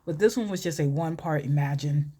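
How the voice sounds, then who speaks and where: Chatty woman with a lowish voice. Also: a little fast, warm tone, slight background noise. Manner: chatty, filler-heavy, asides to herself while working. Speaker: vlogger and storyteller. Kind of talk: casual storytelling makeup tutorial.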